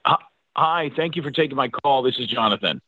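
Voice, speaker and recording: A man's voice: medium pitch, expressive, a little fast, dry recording. A man calling in to a podcast, effusive and stammering. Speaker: caller. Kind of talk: phone-in call. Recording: tinny phone line.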